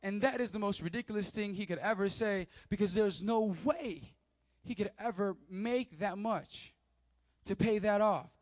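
A male pastor delivers a sermon in a notably high voice, recorded dry with no room sound. He reads scripture aloud, then drives the point home to his congregation with emphatic repetition and direct questions. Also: normal speed, no echo. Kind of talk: sermon with bible reading.

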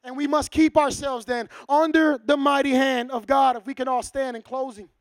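A man preaching a sermon to his church, casual and lively, acting out short dialogues. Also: extremely high pitch, normal speed, dry recording. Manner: casual, acts out little dialogues. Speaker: pastor.

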